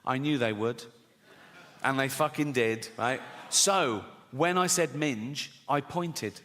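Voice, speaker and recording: A man's voice: medium pitch, takes it slowly, a bit bright. A middle-aged man doing a sweary stand-up routine, telling stories with constant "right?" tag questions. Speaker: stand-up comedian. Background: audience laughter.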